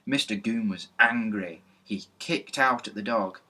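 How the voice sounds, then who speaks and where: A man reads a children's storybook aloud with lively, even narration. His voice sits on the low side but comes through bright and crisp. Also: measured pace. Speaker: reader. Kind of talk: storybook reading.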